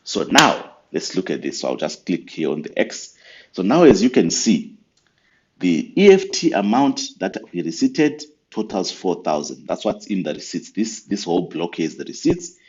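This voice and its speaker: A very low-voiced man gives a patient, step-by-step software walkthrough for church accounts. His talk is sprinkled with ums and uhs. The audio is muffled and lo-fi, like a basic screen recording. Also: sing-song, normal speed. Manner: patient, step-by-step explaining with fillers. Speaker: church finance software trainer.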